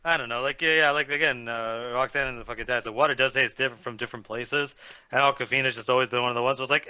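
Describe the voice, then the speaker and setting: Casting: fast, bright-voiced male co-host, sarcastic ranter, dry muffled lo-fi mic. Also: mid-range voice, steady tone, smooth, dry recording. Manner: ranting, profane, sarcastic. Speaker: podcast co-host. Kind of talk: casual gaming podcast chat.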